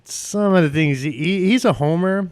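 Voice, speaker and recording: A man from Chicago co-hosting a podcast, talking baseball in a relaxed way with dry humor. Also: sits high, normal speed. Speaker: podcast co-host. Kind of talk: casual sports chat.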